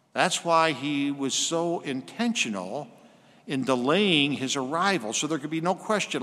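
A man's voice: medium pitch, a bit bright. Man preaching a sermon in a reverberant hall.

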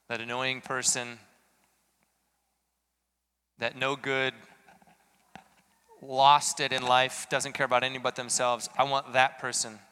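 A man delivering an earnest sermon with a bright, crisp, resonant voice. He asks searching questions and rises to emphatic peaks. His words ring out with the long reverb of a large church hall. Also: medium pitch. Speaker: preacher.

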